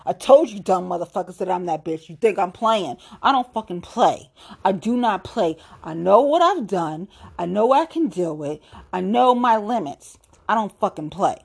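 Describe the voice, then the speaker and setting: A woman's voice: mid-range voice, slightly rough. A woman from Ohio, a local political activist, delivering a blunt, profane, confrontational rant to the camera. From Ohio, USA.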